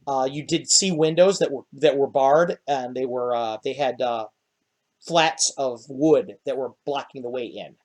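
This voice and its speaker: A man narrating a tabletop game as game master, in a rambling way with many pauses and fillers. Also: mid-range voice, darkish tone.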